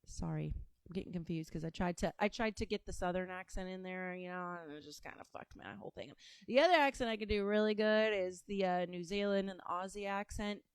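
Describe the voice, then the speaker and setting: A woman's voice: fairly low pitch, brisk, hardly any pauses, clear, resonant tone, no room sound. A woman from Appalachia hosting a show, reacting to clips with sassy, mocking asides. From Appalachia, United States. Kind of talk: casual commentary.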